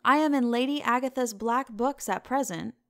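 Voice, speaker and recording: A woman's voice: on the high side, normal speed, fairly bright tone. A woman reading the lines of a petulant, charming young man in a storybook reading, in an eager, lightly pleading way. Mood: sheepish.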